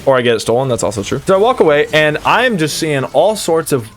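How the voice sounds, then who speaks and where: A young adult man, a streamer, telling a rambling, self-deprecating story in a casual way, full of quick asides. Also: fairly high pitch, sing-song.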